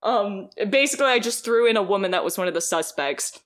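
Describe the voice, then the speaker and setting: A young woman guest telling a story casually, animated, with lots of laughter and fillers. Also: medium pitch, fast. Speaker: podcast guest.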